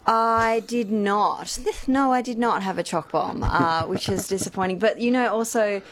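A woman's voice: mid-range voice, unhurried. A woman co-hosting a radio show, chatting playfully and laughing easily. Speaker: radio co-host. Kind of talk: casual radio chat.

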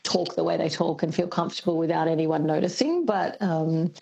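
A woman, a linguist guest on a radio show, explaining carefully with frequent pauses and ums. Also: deep voice, vocal fry, dark tone, slightly rough, low-quality recording. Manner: thoughtful, explanatory, many ums. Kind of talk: radio interview.

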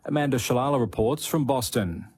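A man reading radio news bulletins in a measured scripted way. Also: mid-range voice, a little mellow, slightly rough. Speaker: news presenter.

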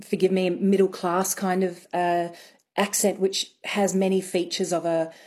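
A woman accent coach, a radio interview guest, explaining thoughtfully with frequent pauses and ums. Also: on the low side, level tone, a little mellow, slightly rough.

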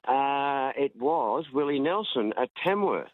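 A man's voice: mid-range voice, lively intonation, unhurried, dry recording. A middle-aged Australian man calling in, telling a rambling story in a chatty, colloquial way. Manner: rambling storyteller, calls host darling. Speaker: caller. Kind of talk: casual phone-in chat. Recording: dry tinny phone line.

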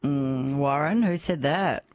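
An Australian woman hosting a radio quiz, bubbly and quick to laugh. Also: extremely low pitch, a little mellow, a little hiss or hum. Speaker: radio host. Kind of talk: radio quiz show chat.

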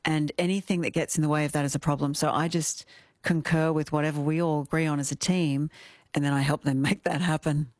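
A middle-aged woman dialect coach in an interview, talking emphatically in quick bursts and laughing often. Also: low-pitched, steady tone, no room sound, clean studio sound. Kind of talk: animated interview chat.

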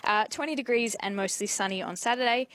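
A woman with an Australian accent giving a steady, informative weather report on radio. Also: on the high side, quick pace. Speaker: weather presenter.

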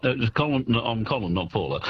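A man's voice: medium pitch, animated, a little slow. A man with an Australian accent calling in to a radio quiz, getting over a heavy cold, rambling and laughing. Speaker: caller. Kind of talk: casual phone-in chat. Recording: dull phone-in line with faint noise.

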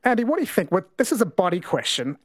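A talkback radio host, a man with a slightly high voice, keeps things loose and playful as he quizzes callers. He talks into a studio mic that sounds close and dry. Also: very animated, quick pace, breathy edge, no echo. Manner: playful, chatty, laughs easily. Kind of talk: talkback radio chat and quiz.

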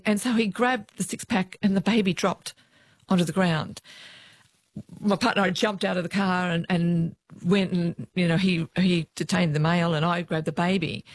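A middle-aged Australian woman recounts her years on the police beat, acting out the voices of the people she met. Her voice sits at an ordinary pitch for a woman, and the recording is dry and close. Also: no room sound. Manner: lively anecdotes, quoting others' voices. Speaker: former police officer, guest. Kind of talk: interview storytelling.

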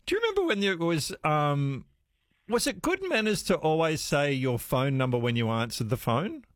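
A man's voice: on the high side, big pitch swings, normal speed, dry recording. A man hosts talkback radio in a close, dry studio sound. His voice swoops up and down a lot as he muses aloud and throws questions to his listeners. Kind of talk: casual talkback radio chat. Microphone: studio microphone.

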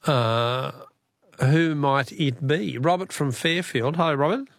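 Chatty Australian radio quiz host. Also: male voice, a little high, takes it slowly, no room sound, clean studio sound. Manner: chatty, laughs often, friendly banter with callers.

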